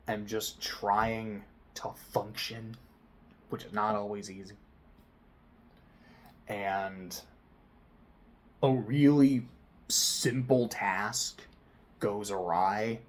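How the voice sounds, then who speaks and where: A man telling a personal story to camera in a casual vlog, swinging between loud excited bursts and quiet near-whispered asides. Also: lowish voice. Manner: frequent swearing, casual slang. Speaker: vlogger.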